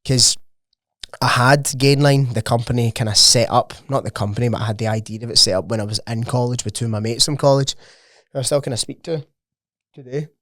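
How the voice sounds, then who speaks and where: A man's voice: medium pitch, steady tone, quick pace, a bit bright, no room sound, studio quality. A young Scottish man chatting casually as a podcast guest, rambling with plenty of "like" fillers and swearing. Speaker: podcast guest, gym owner. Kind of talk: casual chat.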